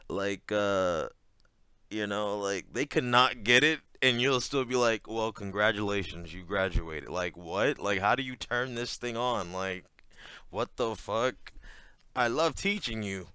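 A man chatting through his reactions at an unhurried pace, stacking fillers and curse words and breaking into laughs. His voice is smooth and clear, with a lively rise and fall. The sound is close and dry. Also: fairly low pitch, no room sound. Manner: rambling, heavy on fillers, swears a lot, laughs often. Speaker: commentator reacting to a TV clip. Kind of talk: casual reaction commentary.

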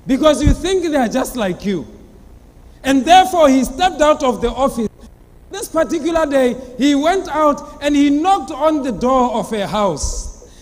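High-voiced preacher in a reverberant church. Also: male voice, animated, measured pace. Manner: dramatic storytelling, acting out characters. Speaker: pastor. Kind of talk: sermon with acted Bible story voices. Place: church hall. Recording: long church hall reverb.

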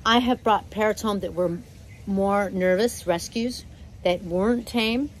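Gentle, relaxed woman host. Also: mid-range voice, unhurried, slight background noise, rough recording. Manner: gentle and relaxed, chatty with fillers. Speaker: parrot channel host. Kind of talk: casual instructional talk. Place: at home with her parrots.

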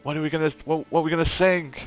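A man giving animated, chatty let's play commentary as he plays. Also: on the high side, rapid-fire, soft background music. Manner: animated, chatty, self-deprecating. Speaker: gaming video host.

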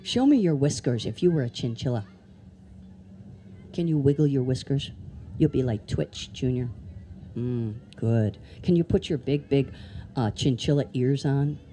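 A woman's voice: extremely low pitch, expressive, a little slow, pauses often, mellow, slight background noise. A woman presenting animals at a live children's show, chatty and playful, asking the kids lots of questions. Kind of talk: live educational talk to kids. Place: outdoor amphitheater.

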